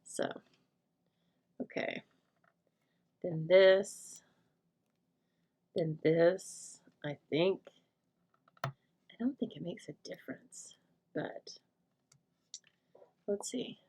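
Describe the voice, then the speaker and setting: Chatty woman with a gravelly voice. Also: on the low side, animated, extremely slow, long pauses, a little mellow. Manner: chatty, jokey, thinking aloud while working. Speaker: stamping crafts demonstrator. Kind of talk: live crafting tutorial chat.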